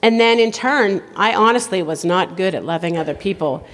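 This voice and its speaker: A middle-aged woman giving a conversational, self-deprecating sermon at a conference, chatty and quick to laugh. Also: medium pitch. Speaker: speaker at a women's conference. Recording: long hall reverb.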